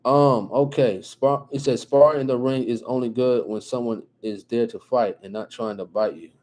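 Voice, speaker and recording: A man from New Jersey with a New Jersey accent, hosting a casual live stream, reading viewer comments and chatting in a relaxed way with lots of repeated phrases. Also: medium pitch, moderate pace. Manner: relaxed, repeats phrases, frequent "you know what I'm saying", chuckles often.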